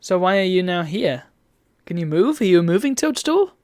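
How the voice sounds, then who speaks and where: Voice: medium pitch, big pitch swings, moderate pace, darkish tone, no echo, studio quality. A streamer, chatting wryly and reading game text aloud while playing a retro game. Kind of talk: let's play commentary.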